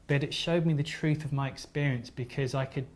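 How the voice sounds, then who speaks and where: A man's voice: medium pitch, fairly even intonation. Earnest man giving a seminar talk. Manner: earnest, halting, with frequent restarts; gently apologetic. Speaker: seminar speaker.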